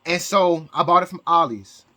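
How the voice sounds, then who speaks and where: A man's voice: a little high, normal speed, sharp tone. A man vlogging from home in a rambling casual monologue, stumbling over repeated words and restarting sentences. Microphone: camera mic, showing objects.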